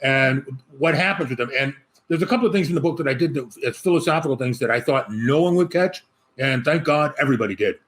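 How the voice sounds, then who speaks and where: A man's voice: medium pitch, fast talker, a bit bright. A man talking as an author guest in a casual interview, rambling and joking with many restarts. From Chicago.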